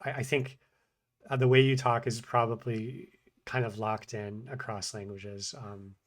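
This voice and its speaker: A man talking through his own language practice in a casual, self-critical video diary. He mumbles, swings between fast talk and slow, paused phrases, and haltingly repeats short practice phrases. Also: medium pitch, flat delivery. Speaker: language learner vlogger.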